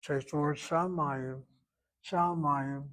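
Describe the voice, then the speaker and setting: A man teaching a Hebrew grammar class, explaining slowly and repeating words for the students to hear. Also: a little high, fairly even intonation, a bit bright, low-quality recording.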